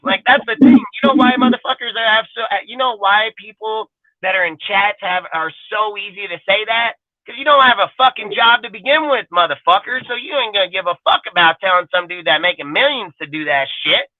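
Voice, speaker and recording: Profane fan-show ranter: high-pitched man, crude and combative, dry narrow phone-like sound. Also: expressive, a little fast, no echo. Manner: loud, crude, combative, swears constantly. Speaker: co-host of a sports fan talk show. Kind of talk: profane ranting sports talk.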